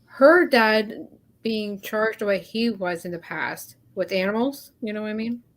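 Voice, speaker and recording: A woman's voice: mid-range voice, measured pace. A woman joining a casual group chat, upset and questioning, apologizing for swearing. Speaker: chat participant.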